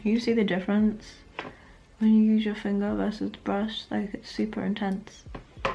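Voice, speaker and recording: A woman's voice: mid-range voice, level tone, normal speed, vocal fry, warm tone, dull audio, slight background noise. Chatty British woman doing makeup. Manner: chatty, laughs often, talks while applying makeup. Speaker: beauty vlogger. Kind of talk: get-ready-with-me makeup chat.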